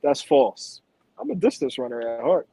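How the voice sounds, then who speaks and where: Husky, laughing man in casual banter. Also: mid-range voice, sing-song, moderate pace, warm tone, dry recording, poor audio. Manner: profane, laughing, blunt banter. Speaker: podcast co-host. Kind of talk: casual chat.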